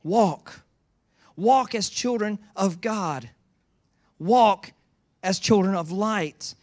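A man's voice: high voice, very slow, dry recording, studio quality. A man preaching a sermon in a church, telling stories with playful teasing. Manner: animated storytelling with playful teasing. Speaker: pastor.

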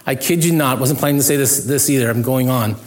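A man's voice: medium pitch, fast. A middle-aged male pastor preaching a sermon in an earnest, conversational way, with self-deprecating humor.

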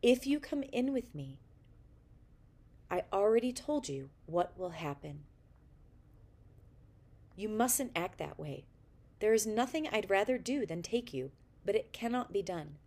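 A woman's voice: medium pitch, lively intonation, measured pace, pauses often, darkish tone. A woman voicing a kindly, hopeful old man who tells stories, speaking with patient reassurance. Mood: earnest. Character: kindly old male storyteller, hopeful and gentle.

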